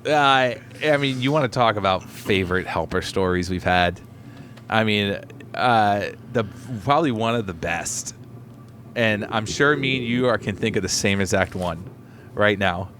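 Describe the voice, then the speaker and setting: A man's voice: on the low side, unhurried, a bit bright. Rambling male podcast co-host, faint noise. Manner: rambling, profane storyteller. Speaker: podcast co-host, delivery driver. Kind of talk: casual chat.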